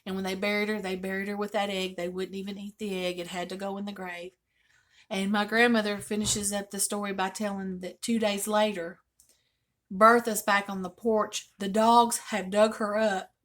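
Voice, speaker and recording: A woman's voice: medium pitch, moderate pace, fairly bright tone. A woman in her fifties with a Southern accent, hosting a casual vlog and telling folksy, digressive stories. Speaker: host.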